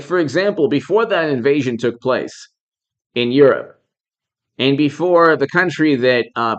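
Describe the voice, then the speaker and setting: A man's voice: medium pitch, muffled recording. A man hosting a live political commentary stream. He talks in an indignant, repetitive way, piling up rhetorical questions and stopping to thank viewers by name.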